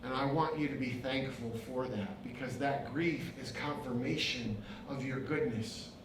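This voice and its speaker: A man's voice: mid-range voice, moderate pace, noisy background. A man, a pastor and author, giving an impassioned inspirational speech with rhythmic repetition. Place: event venue. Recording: very echoey hall, mic far off.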